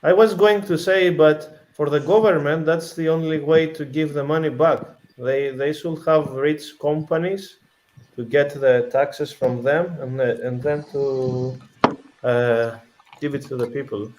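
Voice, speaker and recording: A man's voice: on the high side, steady tone, a little mellow. Earnest man on a call. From Greece. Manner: earnest, halting, restarts sentences. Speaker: panel participant. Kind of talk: casual debate on a video call. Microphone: video call.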